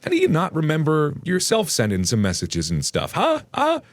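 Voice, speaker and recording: A man reads online stories aloud, then wanders into rambling, self-deprecating asides. His voice sits a little high and swoops up and down expressively. The sound is dry and close. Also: huge pitch swings, fairly quick, dry recording. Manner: rambling, self-mocking humor. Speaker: Reddit story reader.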